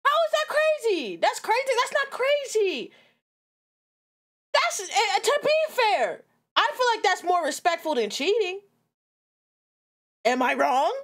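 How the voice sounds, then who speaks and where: A woman's voice: extremely high pitch, very animated, unhurried, pauses often, fairly bright tone. A young woman giving casual, blunt reaction commentary on a video, laughing often and swearing freely.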